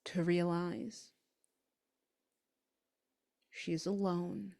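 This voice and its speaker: Woman narrating a tabletop game, very slow pace, lowish voice, dramatic pauses. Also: level tone, vocal fry, darkish tone. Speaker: game master.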